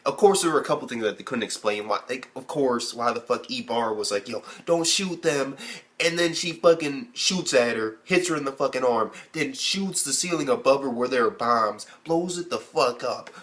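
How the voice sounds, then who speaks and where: A young man casually reviewing an anime episode, swearing constantly and acting out characters' lines with sudden high-pitched bursts. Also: moderate pace, hardly any pauses. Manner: animated, heavy swearing, acts out characters in high squeaky bursts. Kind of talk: casual profane video review.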